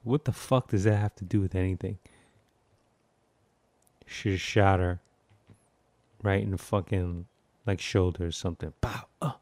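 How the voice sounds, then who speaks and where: A man talking over a film in loose, profane commentary, his voice sitting a bit low. He riffs freely and mimics the clicks and bangs on screen. The sound is dry and close, with no room around it. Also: fairly even intonation, unhurried, pauses often, a little mellow, no echo. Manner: profane, riffing, sound-effect imitations.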